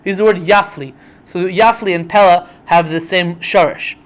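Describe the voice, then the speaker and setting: High-voiced young man explaining scripture. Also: fairly even intonation, normal speed. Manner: conversational explaining, mixing in Hebrew terms. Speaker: podcast host teaching Bible stories. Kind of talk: casual Torah study talk.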